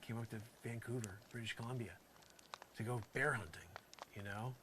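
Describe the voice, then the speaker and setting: A man delivering an improvised comic monologue in a rambling, mock-earnest way, full of "you know" fillers, swinging between loud outbursts and muttered asides. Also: medium pitch, steady tone, normal speed, noisy background. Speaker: comedy vlogger.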